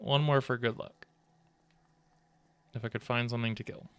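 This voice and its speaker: A man's voice: medium pitch, fairly even intonation, moderate pace, a bit bright, clean tone. A man streaming a video game live, rambling and joking as he plays, swearing often, into a desk microphone. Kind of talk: casual live gameplay commentary.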